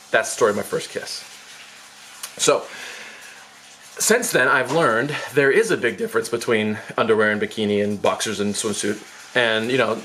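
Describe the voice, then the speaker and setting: A man's voice: mid-range voice, fairly bright tone, a little hiss or hum. Man rambling through a storytime. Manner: chatty, self-deprecating rambling. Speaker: former teacher. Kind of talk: casual storytime to camera.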